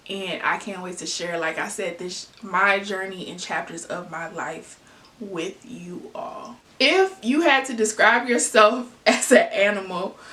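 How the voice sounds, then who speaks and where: A woman's voice: mid-range voice, a bit bright. A woman with a Southern US accent, chatting casually in a get-to-know-me vlog and answering her own questions with fillers and asides. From Southern US (Arkansas/Tennessee). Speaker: vlogger. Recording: echoey room, mic at a distance.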